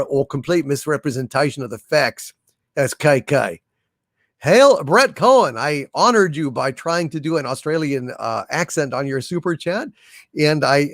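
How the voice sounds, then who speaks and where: A man's voice: mid-range voice, gravelly, no room sound, studio quality. A man hosting a casual livestream, reading and answering viewer messages in a rambling way with many fillers and restarts, swearing when he rants. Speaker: livestream host reading viewer super chats. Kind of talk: casual live-stream chat.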